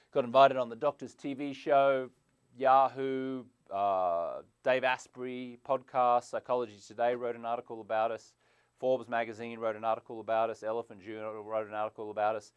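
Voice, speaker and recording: A man hosting a live stream as a sobriety coach, animated, jumping from loud bursts to quiet asides, on a clip-on mic indoors. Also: mid-range voice, clear, resonant tone, dry recording, dull audio. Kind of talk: energetic live stream pitch. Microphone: clip-on lapel mic.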